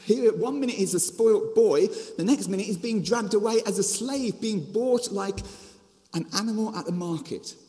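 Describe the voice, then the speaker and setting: A man with a Birmingham accent and a fairly high voice preaches a storytelling sermon. He tells the story in a lively way, with restarts and asides along the way. His voice rings out with the long reverb of a large hall. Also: normal speed. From Birmingham, England. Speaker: preacher and children's ministry author.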